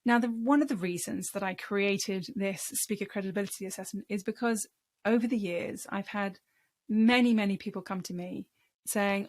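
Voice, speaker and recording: A woman's voice: medium pitch, steady tone, normal speed. Encouraging woman coaching public speaking. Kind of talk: speaking-tips lesson to camera.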